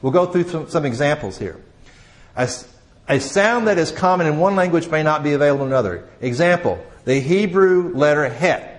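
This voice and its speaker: A man teaching a class in a conversational way, with frequent restarts, questions to the audience, and a voice that drops quietly at the ends of phrases. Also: on the high side, lively intonation, a little fast. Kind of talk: classroom lecture.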